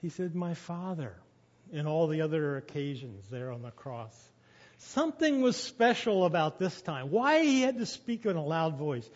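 A man with a high voice preaches a sermon, dropping quiet and then rising loud when he quotes scripture. The recording is dull and muffled, with a long reverb trailing through a church hall. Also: very animated, normal speed.

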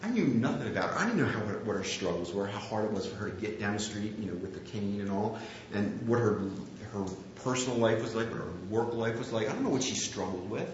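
A man's voice: fairly low pitch, lively intonation, quick pace, slight background noise. A man preaching a sermon, telling a candid, self-deprecating story about himself. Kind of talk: sermon with personal anecdote. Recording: very echoey, slightly dull room recording.

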